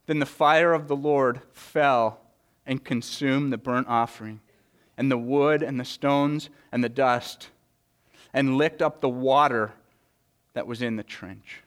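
Earnest male preacher, smooth voice. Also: steady tone, slow. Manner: earnest preaching with frequent word repetitions; reads scripture aloud with dramatic swings in pitch and loudness. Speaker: pastor. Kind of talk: sermon.

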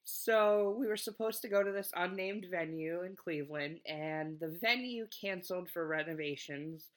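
A man's voice: high-pitched, normal speed, fairly bright tone, clear, resonant tone. Giggly, hesitant podcast co-host, a man. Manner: giggly, hesitant, lots of ums. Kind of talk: casual comedic chat.

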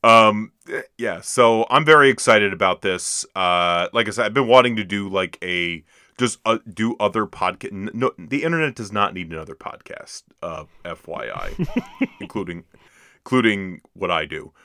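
Man, podcast co-host, casual chat, dry jokes, hesitant fillers, low bright voice, dry recording. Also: expressive, moderate pace, no room sound.

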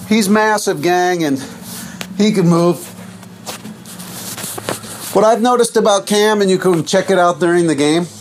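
A man hosting a podcast, talking in a loose, goofy, rambling monologue with big swoops in pitch. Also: a little hiss or hum. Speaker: podcast host.

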